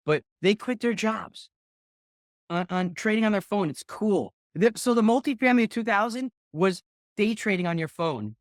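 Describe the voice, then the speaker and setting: A middle-aged man coaching a group call on real estate investing, rambling and excitable, swearing often. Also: fairly high pitch, no room sound, clean studio sound.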